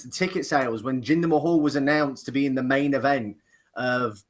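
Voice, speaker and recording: A man's voice: medium pitch, a little fast. A man co-hosting a casual chat, opinionated and joking, often restarting his sentences. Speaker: podcast co-host.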